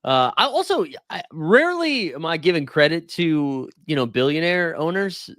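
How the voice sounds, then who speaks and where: A man co-hosting a podcast, chatting casually about basketball, animated and joking, often laughing. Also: a little high, moderate pace, dry recording, studio quality. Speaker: podcast co-host. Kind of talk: casual sports chat.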